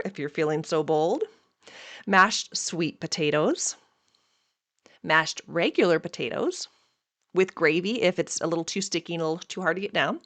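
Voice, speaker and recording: Upbeat, chatty dietitian explaining things casually, medium pitch, dry booth sound. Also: fairly bright tone, dry recording. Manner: chatty and upbeat, quick asides while listing foods. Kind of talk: casual educational talk.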